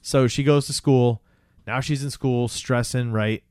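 A man's voice: mid-range voice, a little slow, clean tone, no echo, studio quality. A man co-hosting a podcast, casually retelling a film scene by scene, often asking "right?". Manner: animated retelling, acts out quotes, says "right?" and "dude". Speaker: podcast co-host.

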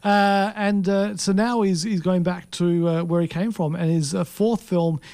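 A man's voice: sits high, fairly even intonation, a little slow, a little mellow, no echo. An Australian man co-hosting a podcast, talking about films in a laid-back, hesitant way with dry teasing. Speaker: podcast co-host. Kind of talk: casual chat about films.

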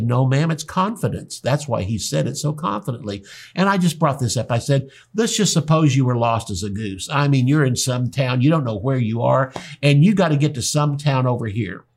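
A man preaching a sermon as a pastor, telling stories with animated dialogue. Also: mid-range voice. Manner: animated storyteller acting out dialogue. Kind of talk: sermon with storytelling.

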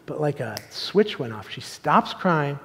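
A man preaching in a church sanctuary, his voice sitting a little high for a man and trailing long reverb through the hall. He swings from loud, emphatic appeals down to quiet, intimate storytelling. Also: sing-song, unhurried, slight background noise. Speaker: pastor. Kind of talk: sermon.

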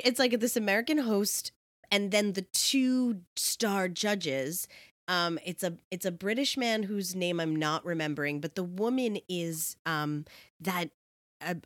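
A woman's voice: on the low side, expressive, unhurried, a bit bright, no echo, studio quality. A woman co-hosting a casual chat, telling stories animatedly with lots of fillers and restarts. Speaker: podcast co-host.

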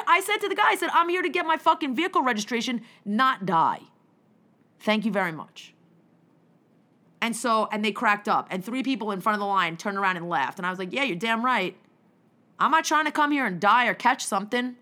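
A young woman rants through a story with heavy swearing, her bright voice swinging high and low. She acts out her own comebacks with plenty of attitude and keeps the delivery lively. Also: a little fast. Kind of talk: profane comedic rant.

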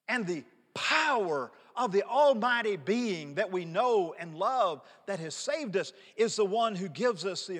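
A man's voice: high voice, a bit bright, long reverb tail. Emphatic man in his fifties preaching. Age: 50s. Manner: emphatic, repeats words for stress. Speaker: pastor. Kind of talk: sermon.

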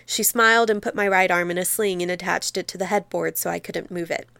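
A woman teacher reading aloud from a memoir excerpt in a measured, expressive storytelling manner. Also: lowish voice, creaky, no echo.

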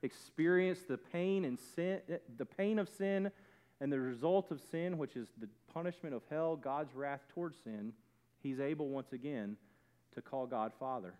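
A man preaching a sermon, building to loud emphatic peaks and then dropping low and quiet. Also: a little slow. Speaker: pastor.

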